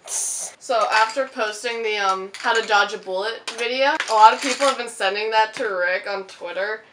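A woman's voice: medium pitch, moderate pace, background noise. A young woman co-hosting a casual chat, chatty and joking. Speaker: co-host.

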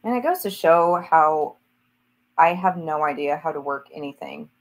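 A woman's voice: low-pitched, animated, moderate pace. A woman author chatting as an interview guest, talking with gushing enthusiasm about books she loves. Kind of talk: casual interview chat.

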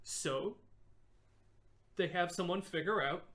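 A woman's voice: medium pitch, expressive, a little slow. A young woman co-hosting a casual history podcast, explaining with enthusiasm and frequent laughter. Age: young adult. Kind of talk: casual chat.

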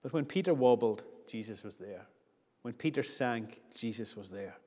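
A man's voice: lowish voice, lively intonation, moderate pace, mellow. A man preaching a sermon earnestly, building his points with repeated phrases. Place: church. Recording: long church reverb.

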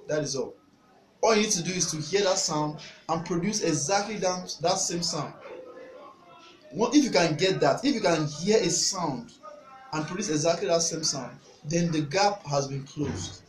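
A young man gives a casual spoken music lesson, earnest and repeating his points, sometimes singing short examples. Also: a little high. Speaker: music tutor. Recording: echoey room with faint hum.

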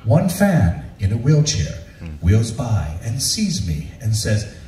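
A man, an actor, telling a comic convention story live on stage and acting out the people in it. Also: takes it slowly. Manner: animated, acts out quoted voices with big pitch jumps. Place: large room with a live audience, from far off. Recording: echoey room, distant mic, faint ambience.

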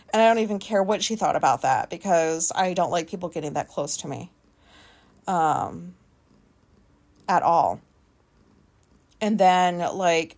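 A woman hosting a solo podcast, telling a rambling, profane story in an animated way. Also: mid-range voice. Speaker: podcast host.

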